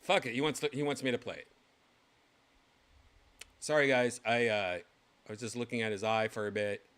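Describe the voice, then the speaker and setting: A man hosting his own show, reacting to clips in casual livestream commentary, excitable and swearing freely with loud exclamations. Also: medium pitch, moderate pace, clear, resonant tone. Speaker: show host.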